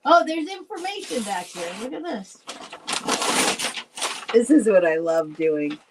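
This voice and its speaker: A woman hosting a casual live vintage sale, chatty and rambling, laughing often and thinking out loud. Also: on the high side, very animated, measured pace, background noise. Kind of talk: casual live selling chat.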